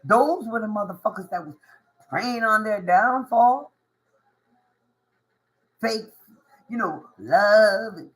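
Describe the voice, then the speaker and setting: A woman's voice: fairly high pitch, measured pace, rough recording. A woman giving a tarot reading to her viewers, emphatic and preachy, full of slang and repetition. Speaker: tarot reader.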